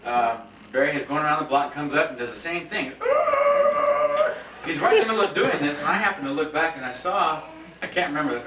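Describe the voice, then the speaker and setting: With a sharp tone in a mid-range voice, a man delivers a long, laughing roast story at a birthday party, restarting often and leaning on fillers. Guests fill the room, and the home video camera sits far off, picking up echo and crowd noise.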